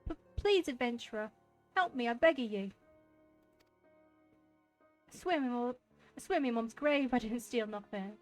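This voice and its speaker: A woman's voice: on the high side, unhurried, pauses often, soft background music, natural voice. A woman voicing a frightened young refugee woman who begs and stammers in a put-on Cockney accent. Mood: pleading. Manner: stammering, begging.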